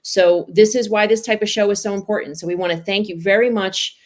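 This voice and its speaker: A woman's voice: mid-range voice, steady tone, brisk. A woman hosting a podcast, wrapping up the episode with an earnest personal story. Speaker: podcast host.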